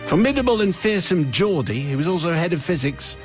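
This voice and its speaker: A man's voice: a little high, sing-song, a little fast, soft background music. A male radio host reading out a listener's confession, with wry, playful asides.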